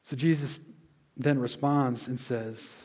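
A man preaching a sermon as pastor, conversational, explaining words and restating them, dropping soft on key lines. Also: medium pitch, steady tone, slow pace.

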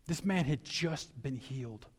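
A man preaching a sermon as pastor, animated and emphatic with conversational, reflective asides. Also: mid-range voice, unhurried, breathy edge.

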